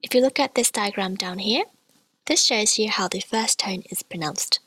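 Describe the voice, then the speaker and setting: A woman teaching a beginner language lesson, modelling the sounds slowly and carefully. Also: medium pitch, fairly bright tone, rough recording. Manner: clear, careful modelling of tones, slow repetitions.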